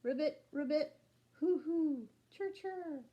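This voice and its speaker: A woman reading aloud and voicing a loud, eager, cheerful bean in a children's storybook. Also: high voice, slow, highs cut off, voice pushed up. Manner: bouncy, eager questions. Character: loud excitable musical bean, cheerful and chatty.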